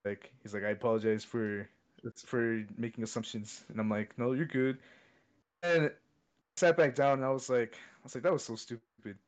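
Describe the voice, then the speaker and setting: A man's voice: mid-range voice, steady tone, moderate pace. A young man telling a long story in casual chat, rambling and repeating himself. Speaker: podcast co-host. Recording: dull lo-fi sound.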